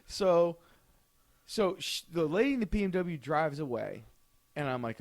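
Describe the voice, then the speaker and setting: A man's voice: a little high, measured pace, long pauses. A man co-hosting a podcast who tells a story in casual chat, acting out the scene and laughing often. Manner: animated, acts out the scene, laughs a lot. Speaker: podcast co-host.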